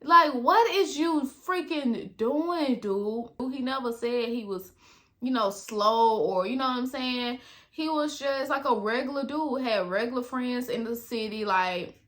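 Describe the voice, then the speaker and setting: Brief: young woman vlogger, crisp bright tone, slightly high voice, lively slangy storytelling. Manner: animated, slangy, talks straight to viewers. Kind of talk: casual story time.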